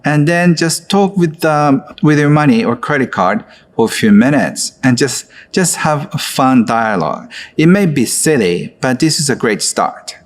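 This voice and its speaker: Man, gentle coaxing instructor, guided exercise lesson, fillers. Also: mid-range voice, lively intonation, a little slow. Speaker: course instructor.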